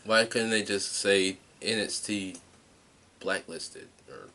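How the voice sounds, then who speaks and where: A man co-hosting a podcast in blunt, excitable casual chat, swearing freely. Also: lowish voice, slow pace. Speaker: podcast co-host.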